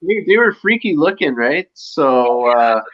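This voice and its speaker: A man co-hosting a casual live show chat, talking excitedly and acting out scenes as he goes. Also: on the high side, measured pace, lo-fi sound. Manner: excitable, reenacts scenes with loud impressions. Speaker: show co-host.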